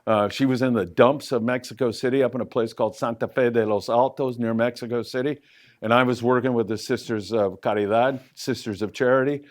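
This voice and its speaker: Middle-aged male host, mid-pitched, loose live Q&A storyteller on a handheld mic. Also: a little fast. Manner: lively anecdotal storyteller with loose fillers, pitch jumping up for emphasis. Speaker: fishing show host answering audience questions. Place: event room with a live audience.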